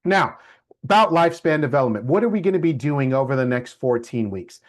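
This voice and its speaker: Talking fairly quickly in a mid-range voice, a middle-aged lecturer shares a personal story with his class, vividly acting out the quoted voices.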